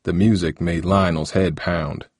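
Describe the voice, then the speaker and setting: A man reads a novel aloud in a steady, measured way. His voice sits very low and the recording is dry and close. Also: husky, no room sound. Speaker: narrator. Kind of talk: audiobook narration.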